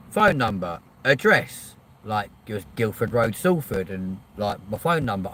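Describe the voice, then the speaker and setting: A man's voice: fairly low pitch, fairly bright tone. A middle-aged man, hosting a livestream and telling a story in a casual rant, swearing freely and acting out both sides of a phone call. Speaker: livestream host.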